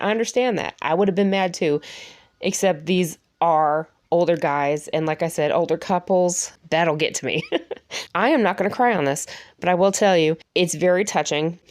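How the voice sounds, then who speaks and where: A woman's voice: lowish voice, moderate pace, dry recording, studio quality. A woman giving a casual spoken review of a TV show, chatty and emotional, with frequent laughs.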